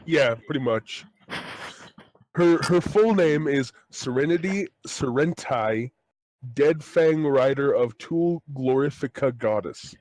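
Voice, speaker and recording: A man's voice: mid-range voice, animated, slow, a little mellow, dry recording. A man in casual chat, reading fan fiction aloud, playful with mock-indignant outbursts.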